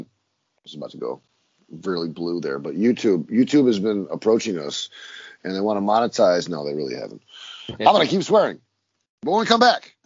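A man's voice: lowish voice, breathy edge, no room sound, dull audio. A man co-hosting a podcast in loose, casual chat, swearing freely. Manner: loose and profane, lively swings in loudness. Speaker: podcast co-host.

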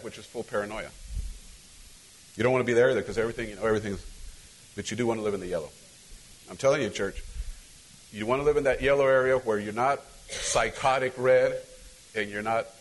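A man's voice: mid-range voice, rough recording. A middle-aged man from Mexico who is a pastor, giving a loose, conversational sermon with repeated words, restarts and emphatic rhetorical questions.

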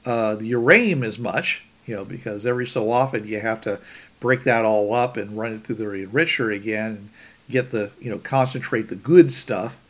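A man's voice: on the low side, normal speed, a bit bright. A man hosting a podcast in casual chat, rambling with many restarts. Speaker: podcast host.

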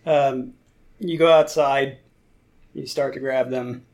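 A man's voice: mid-range voice, steady tone, takes it slowly, darkish tone. A man narrating as game master, rambling with many fillers.

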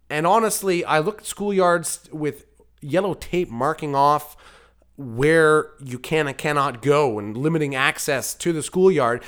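A man's voice: on the high side, normal speed, clean tone. A man from Canada hosting his own comedy podcast alone, rambling through jokey digressions and interrupting himself. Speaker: podcast host and producer.

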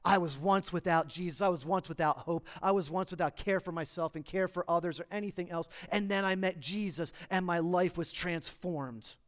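A man preaching a sermon, telling scripture stories with lively acted-out quotes that swing between loud and hushed. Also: sits high, moderate pace, hardly any pauses. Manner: animated storytelling, acting out quotes with big swings from loud to hushed. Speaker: pastor.

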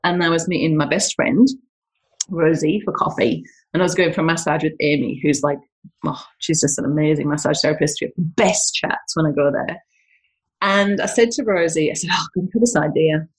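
A woman's voice: low-pitched, a little fast, rough recording. A woman business owner talking chattily from her home kitchen, full of asides and laughs. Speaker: business owner and health coach. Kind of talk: casual chat to camera.

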